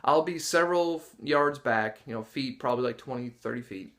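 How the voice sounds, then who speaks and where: A man's voice: mid-range voice, a little fast, a bit bright. A man working as a dog trainer, talking casually to the camera about training and testing dogs. He acts out dogs' and people's reactions with gasps and laughs. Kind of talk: casual instructional talk to camera.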